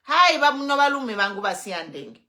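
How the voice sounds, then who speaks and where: A woman's voice: high voice, big pitch swings, fairly quick, pushed and bright. A Zambian woman hosting an online show, giving fiery political commentary full of rhetorical questions, moving between English and Bemba.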